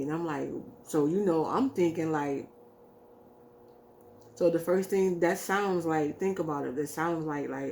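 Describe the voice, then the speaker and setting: A woman vlogger casually tells a personal story, rambling with heavy use of "like" and "you know" and acting out the lines people said. Her voice is low and darkish with vocal fry, a little slow, over slight background noise.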